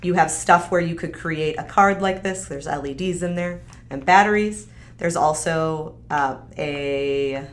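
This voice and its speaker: A woman hosting a live stream, chatting upbeat and casually as she demonstrates a craft kit. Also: fairly low pitch. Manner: upbeat, chatty, frequent fillers. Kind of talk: casual product demo.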